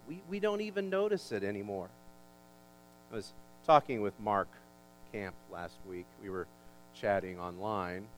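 Male pastor, sermon delivery, emphatic swells and homey humor; faint mains hum on the track. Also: poor audio. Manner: animated, rising in pitch and volume for emphasis, folksy asides and jokes.

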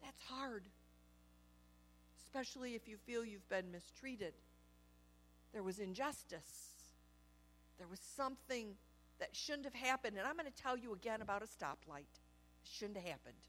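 A woman preaches to her congregation with a bright, ringing voice pitched a little high. She tells her stories in an animated, humorous way and laughs along with them. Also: unhurried, pauses often, slight background noise. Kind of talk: storytelling sermon.

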